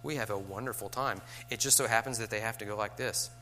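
A man's voice: lowish voice, fast talker, sharp tone, faint music behind. A middle-aged man, a teacher, talking to fellow teachers in a conversational way, with rhetorical asides and light chuckles.

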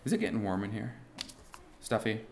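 A man teaching a class on musical timing, talking haltingly with many restarts and asking the students rhetorical questions. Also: lowish voice, big pitch swings, creaky, reverberant, background noise. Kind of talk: classroom lesson on beat patterns. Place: warm indoor classroom.

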